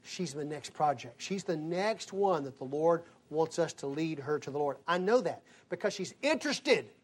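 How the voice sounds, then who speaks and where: A man's voice: a little high, moderate pace. A man teaching a conversational Bible lesson as a Sunday school teacher, telling stories and acting out the dialogue. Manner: animated storyteller acting out dialogue.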